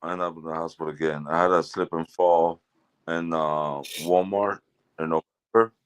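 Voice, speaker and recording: Very deep-voiced man, apologetic guest. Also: steady tone, normal speed, clean tone. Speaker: livestream guest. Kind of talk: casual call-in chat.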